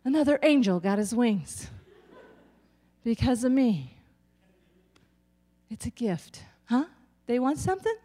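A woman's voice: fairly high pitch, expressive, a little slow, pauses often, warm tone. A woman in her sixties, a nurse and stand-up comic, delivering a chatty, self-deprecating routine to the audience. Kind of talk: stand-up comedy.

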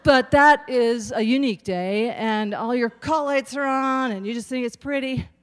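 A woman in her sixties doing stand-up, chatty and self-deprecating, with a slightly high voice. She talks straight to the crowd, wandering through her asides. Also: moderate pace. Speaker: stand-up comic and nurse. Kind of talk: stand-up comedy.

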